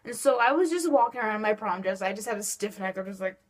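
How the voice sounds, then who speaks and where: Chatty teenage girl vlogging, animated. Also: mid-range voice, quick pace. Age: teens. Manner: animated storytelling, lots of "like" and "just like". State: stiff sore neck from whiplash. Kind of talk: casual chat to camera.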